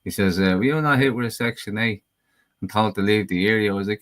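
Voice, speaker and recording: A man's voice: fairly low pitch, fast talker, no room sound. A man in casual podcast chat, telling rambling stories and swearing freely. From Ireland.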